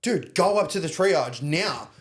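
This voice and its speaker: A young Australian man telling a story in casual chat, animated, acting out other people's lines and swearing casually. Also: on the high side, unhurried, slight background noise. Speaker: podcast guest.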